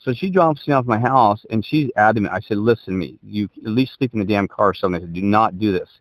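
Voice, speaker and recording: Fast-talking low-voiced man. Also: dry recording. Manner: rambling, self-interrupting, emphatic. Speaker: podcast co-host. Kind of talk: casual chat, rambling storytelling. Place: Colorado.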